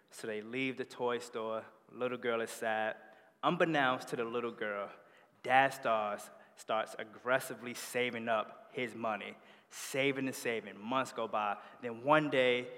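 A man preaching a sermon, telling stories in an animated way that builds in energy. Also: mid-range voice. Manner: animated storytelling with rising energy. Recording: long hall reverb.

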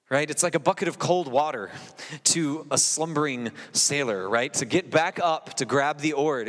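A man's voice: a little high, normal speed, a bit bright. A pastor in his forties reading scripture and preaching a sermon in a conversational, self-deprecating way with frequent asides. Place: church sanctuary. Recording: long reverb of a large hall.

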